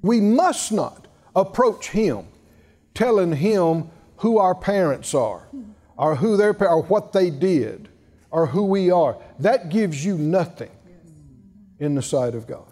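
A man's voice: high-pitched, expressive, slow pace, mellow. A man preaching a sermon, emphatic and drawing call-and-response from the congregation, with chuckling asides.

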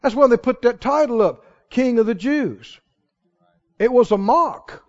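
Casting: high, lively male pastor, shouting rhetorical questions, dull recording. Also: unhurried. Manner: swings from hushed asides to shouted exclamations; fires rhetorical questions at the congregation. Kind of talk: sermon.

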